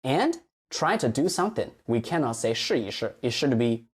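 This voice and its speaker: Guy teaching mandarin pronunciation, very lively pitch, repeats phrases slow and clear. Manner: slow, exaggerated modeling of Chinese phrases. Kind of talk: pronunciation lesson.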